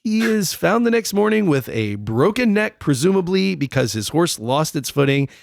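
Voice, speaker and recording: A man's voice: fairly high pitch, sing-song, normal speed, gravelly, dry recording, studio quality. A young man co-hosting a comedic history podcast, telling the story in a profane, jokey way. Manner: profane, jokey, puts on silly voices. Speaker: podcast co-host.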